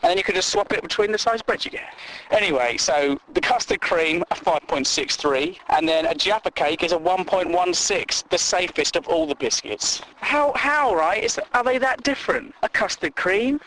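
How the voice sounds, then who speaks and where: A man's voice: sits high, moderate pace, fairly bright tone, poor audio. A man hosting a comedy show, ranting in a mocking, incredulous way and acting out silly voices. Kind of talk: comic rant on news items.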